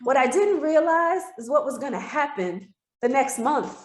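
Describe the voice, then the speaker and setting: A woman's voice: high-pitched, lively intonation, moderate pace. A woman giving a heartfelt personal testimony as an interview guest, telling her story earnestly. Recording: roomy echo.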